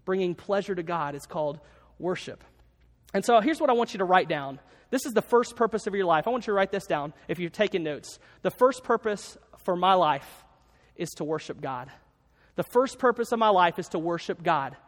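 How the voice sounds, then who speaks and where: A pastor preaches to his church congregation in a high-pitched, expressive and fairly quick voice. He talks conversationally and repeats his key lines so people can note them, with the long reverb of a large hall behind him.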